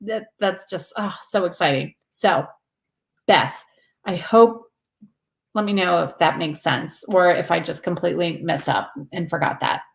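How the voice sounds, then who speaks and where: A woman's voice: lowish voice, vocal fry, reverberant. A woman hosting a spiritual live stream, chatting with viewers in an earnest, rambling way and laughing often.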